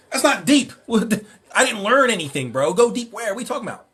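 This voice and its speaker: A man hosting a livestream Q&A, ranting and mocking in an animated way, often rambling and correcting himself. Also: high voice, fast, husky. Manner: animated, mocking, breaks into laughter. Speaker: livestream host.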